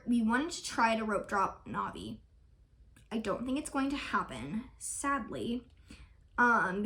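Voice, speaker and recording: A woman's voice: a little high, a bit bright. A young woman vlogging in a chatty, rambling, effusive way as she talks through her plans to camera. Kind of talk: casual chat to camera.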